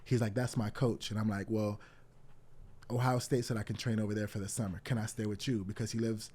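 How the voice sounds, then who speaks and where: A man's voice: fairly low pitch, flat delivery, a little fast, darkish tone, a little hiss or hum. A young man in his twenties, a wrestling coach telling stories in a casual interview, acting out quoted dialogue with lots of "like" fillers.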